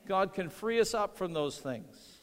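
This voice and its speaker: A man's voice: high voice, expressive, measured pace, big-room sound. A middle-aged man preaching a sermon as pastor, earnest, repeating phrases and calling for amens.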